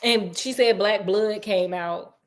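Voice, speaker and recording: A woman casually recapping a horror novel, animated and playful, acting out characters' lines in quick asides. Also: mid-range voice. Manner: playful and sassy. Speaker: book recap host. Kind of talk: casual book recap storytelling.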